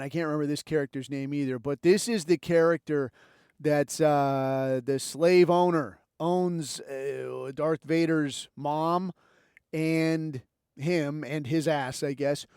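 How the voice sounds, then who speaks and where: A man's voice: fairly high pitch, darkish tone, smooth, no room sound, studio quality. Profane, rambling podcast ranter, man. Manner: rambling, heavy swearing, sarcastic. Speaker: podcast host. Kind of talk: profane comedic rant.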